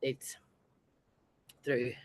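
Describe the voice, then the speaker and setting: Woman guest, talkative, quick to laugh; close, dry sound. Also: a little mellow, no echo. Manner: chatty, laughs often between sentences. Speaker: bodybuilding competitor and guest. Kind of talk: casual interview chat.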